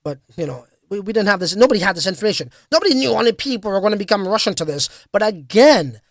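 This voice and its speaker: A man's voice: high voice, lively intonation, fast, dry recording, clean studio sound. Casual, slangy crypto livestream guy. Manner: casual, slangy, hype-driven with frequent fillers. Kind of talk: casual livestream chat reading comments.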